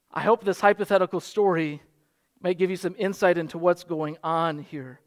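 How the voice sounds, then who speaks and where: Man, 30s, pastor, sermon, high-pitched voice, earnest and fervent. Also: steady tone, moderate pace. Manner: earnest, rising to fervent exhortation.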